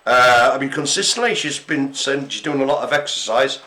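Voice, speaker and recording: A man's voice: mid-range voice, a little fast, bright, forceful tone. A man co-hosting a live broadcast, telling jokey stories in casual chat with plenty of fillers. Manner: chatty, jokey storytelling with fillers. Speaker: co-host of a live care-centre broadcast.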